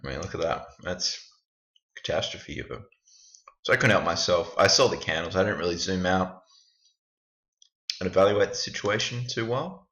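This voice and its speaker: A man's voice: low voice, moderate pace, long pauses, pushed and bright. A man casually walking through his trading results on screen, thinking aloud and picking apart his own mistakes in a roomy, dull-sounding recording. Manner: rambling, thinking aloud, self-critical. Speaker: trader reviewing his backtest results. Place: indoors at a computer. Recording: echoey room, dull lo-fi sound.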